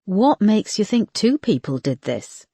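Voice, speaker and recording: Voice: medium pitch, very animated, measured pace, dark tone, husky, dry recording, pitched above the performer's own voice, exaggerated voice. Narrator voicing a big scottish detective, easygoing, unfazed, reasoning aloud, dry audiobook sound. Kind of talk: audiobook character voice.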